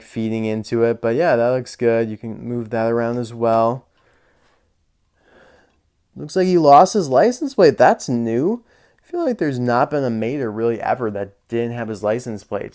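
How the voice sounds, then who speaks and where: A man's voice: mid-range voice, a little mellow. A young man casually reviewing die-cast toys, chatty and openly annoyed by poor quality. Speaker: toy reviewer. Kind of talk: casual toy review vlog.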